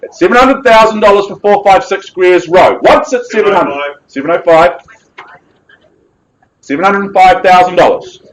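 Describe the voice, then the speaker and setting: A man with a New Zealand accent works a live auction room. His voice sits high and carries jovial, persuasive sales patter as he coaxes bids. A faint hiss runs under the recording. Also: moderate pace.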